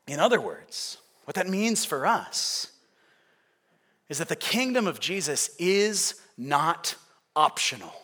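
Bright-voiced male pastor preaching. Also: fairly high pitch, big pitch swings, slow pace, breathy edge. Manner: conversational, asks the audience questions. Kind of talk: sermon.

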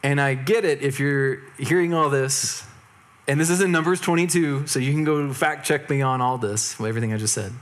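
A man giving a sermon, his voice sitting in an ordinary middle pitch. He tells the story in a relaxed, conversational way, dropping in humorous asides and slang as he goes. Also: fairly quick. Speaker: preacher.

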